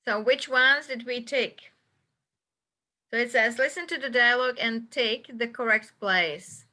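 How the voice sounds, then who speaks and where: A woman with a fairly high, bright, forceful voice teaches an English lesson in a classroom, speaking a little slowly. She patiently checks the answers one at a time and repeats each one.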